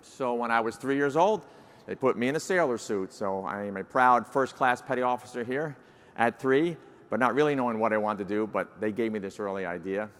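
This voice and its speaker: A man's voice: mid-range voice, brisk, fairly bright tone. A man in his sixties with a New York accent gives a folksy, self-deprecating keynote address as incoming society president, with plenty of uh fillers. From New Jersey, United States. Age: 60s. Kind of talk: conference keynote speech. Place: large conference hall. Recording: large hall with long reverb.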